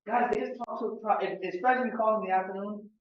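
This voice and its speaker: A man's voice: high-pitched, fairly even intonation, fast talker. A man from Miami leading a sales team training, casual and joking with the room. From Miami, United States. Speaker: real estate sales trainer. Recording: roomy, distant, dull meeting-room audio.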